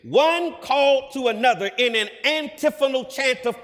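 An emphatic male preacher with a high voice, delivering a sermon that swells into loud, ringing declarations. The sound trails off in the long reverb of a large hall. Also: lively intonation, normal speed, hardly any pauses.

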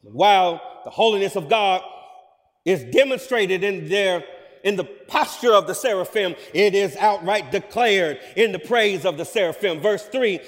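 Speaking in a large hall whose long reverb swallows each phrase, an emphatic man with a high voice preaches in an animated yet unhurried way, his sermon rising to loud, ringing proclamations.

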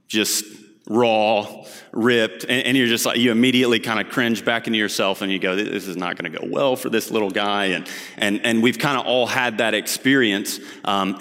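A man's voice: mid-range voice, fairly bright tone, big-room sound. A man preaching a sermon, opening in prayer and then telling stories in an earnest, conversational way with frequent fillers. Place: church sanctuary.

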